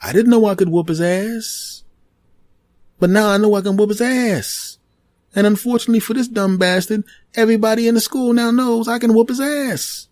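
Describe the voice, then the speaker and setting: A man's voice: high voice, steady tone, moderate pace, a little mellow, no room sound, studio quality. A man hosting a podcast, telling a comic story from his school days and acting out the people in it. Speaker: podcast host. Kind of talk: comedic storytelling monologue.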